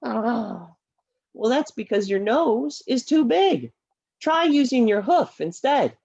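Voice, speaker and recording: A woman voicing an upbeat, patient puppet friend who works as a teacher, speaking in a cheerful, encouraging and brisk manner. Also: on the high side, sing-song, creaky, a little mellow, slightly rough, highs cut off, exaggerated voice. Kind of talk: puppet play acting. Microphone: laptop video call.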